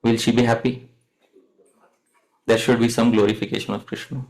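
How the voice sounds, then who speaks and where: A man's voice: medium pitch, little pitch movement, moderate pace, darkish tone, poor audio. Man teaching a devotional class. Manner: asks the audience questions, addresses them as dear devotees. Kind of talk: devotional lecture with call-and-response chanting.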